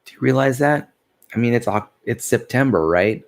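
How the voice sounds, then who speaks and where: In a rambling vlog, a drowsy man with a creaky, mid-range voice speaks animatedly at normal speed. He meanders, yawns, loses the thread and laughs gently at himself.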